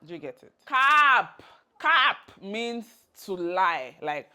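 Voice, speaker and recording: A woman's voice: mid-range voice, very animated, takes it slowly, pushed and bright, clear, resonant tone. A Nigerian woman giving a casual video lesson, playfully acting out example phrases as she teaches. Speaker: language tutor.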